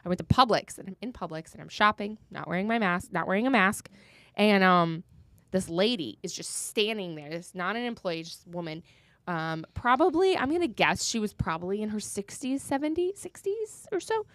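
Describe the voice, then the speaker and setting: Animated woman telling a story. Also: mid-range voice, normal speed, dry recording. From Florida. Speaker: podcast co-host. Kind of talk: casual chat, storytelling.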